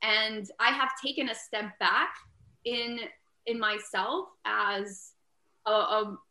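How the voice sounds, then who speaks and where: A woman's voice: medium pitch, fairly even intonation, slow. A woman entrepreneur being interviewed, talking earnestly and casually with plenty of "like" fillers. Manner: earnest, peppered with "like", grows loud and emphatic. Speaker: entrepreneur and inventor, interview guest. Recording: echoey room.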